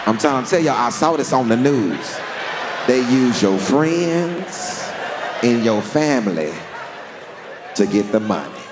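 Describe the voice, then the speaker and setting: Animated storytelling comic, man, big hall. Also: mid-range voice, slow pace, noisy background. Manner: drawling, animated, deadpan punchlines. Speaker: stand-up comedian. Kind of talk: stand-up storytelling. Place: large theater stage. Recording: long hall reverb, faint crowd ambience.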